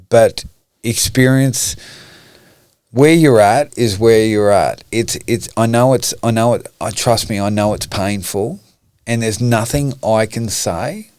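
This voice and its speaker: A man's voice: lowish voice, a little mellow, clean tone, dry recording, clean studio sound. A middle-aged man, a podcast guest talking candidly and emotionally, swearing often. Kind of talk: candid conversation.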